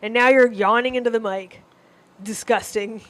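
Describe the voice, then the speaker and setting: A fairly high-voiced woman co-hosting a comedy podcast. She talks bluntly, swearing freely and scolding her partner in jest, close on a studio mic. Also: fairly even intonation, moderate pace, fairly bright tone. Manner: blunt, profane, mock-scolding. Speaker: podcast co-host. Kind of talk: casual comedic podcast banter.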